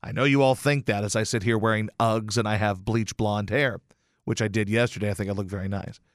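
A man's voice: fairly low pitch, fairly even intonation, a little fast, no echo, clean studio sound. A man hosting a radio show, telling a rambling, self-deprecating story in a casual monologue, with some swearing. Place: radio station studio.

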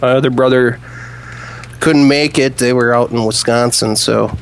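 A man's voice: mid-range voice, steady tone, normal speed, gravelly, slight background noise. Laid-back man calling in. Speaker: caller. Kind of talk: casual chat.

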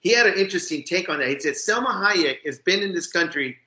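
Sharp, roomy-sounding male co-host. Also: sits high, animated, quick pace, highs cut off. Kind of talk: casual interview chat.

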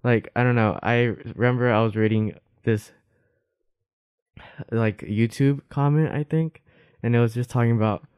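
A man's voice: medium pitch, fairly even intonation, normal speed, long pauses, a little mellow, smooth, no echo. A young man co-hosting a podcast, talking sincerely and loosely, full of "like" and restarts. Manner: rambling, filler-heavy, sincere. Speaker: podcast co-host. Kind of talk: casual heartfelt chat.

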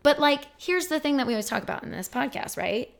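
A woman hosting a casual podcast with a blunt, emphatic delivery and plenty of swearing. Her voice sits a little high, and she tells her stories by acting out what people said. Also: lively intonation, fast, creaky. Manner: storytelling with acted-out quotes. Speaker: podcast host.

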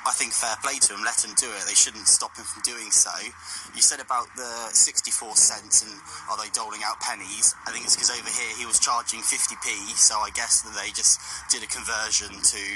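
A man from England with a Southern English accent, leaving a relaxed, chatty voice message for a podcast. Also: fairly low pitch, a little fast, background noise. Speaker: caller.

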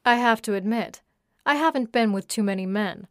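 A woman's voice: on the high side, moderate pace, no room sound, studio quality, lightly acted. A woman voicing a scornful domineering captor. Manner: sharp, mocking and commanding.

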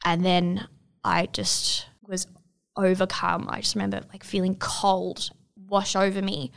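A young woman in her twenties, giving a reflective, halting personal testimony in an interview. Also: medium pitch, little pitch movement, creaky. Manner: reflective, halting, many fillers.

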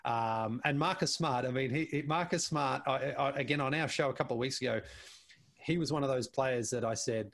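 A man speaking as a guest on a talk show, chatting in an easygoing way at a mid-range pitch. He tells his stories with animation, often stumbling, restarting and repeating words as he goes. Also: fairly quick, vocal fry, fairly bright tone. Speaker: basketball show panelist as guest. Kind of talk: casual interview chat.

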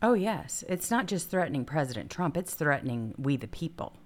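A woman's voice: deep voice, very animated, a little fast. A woman hosting a political talk show, speaking emphatically with punchy asides and agreeing with her co-host.

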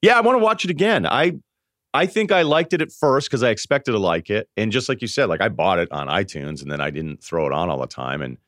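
A man chatting as a podcast guest, telling animated stories and acting out quoted lines. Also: on the low side, a little fast, no room sound, clean studio sound. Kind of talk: casual sports podcast chat.

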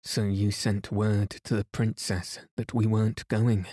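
A man's voice: fairly low pitch, little pitch movement, unhurried, mellow, breathy edge, dry recording, studio quality. A man reading a sickly, agitated young painter.

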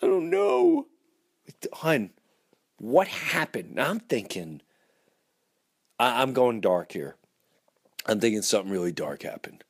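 A man hosting a podcast, telling a dramatic story in an animated, rambling way full of restarts. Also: on the low side, a little slow, long pauses, husky. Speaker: podcast host.

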